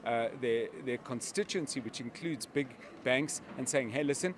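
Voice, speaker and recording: A man giving live news commentary as a media analyst, explaining in a measured way with examples. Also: mid-range voice, a little hiss or hum.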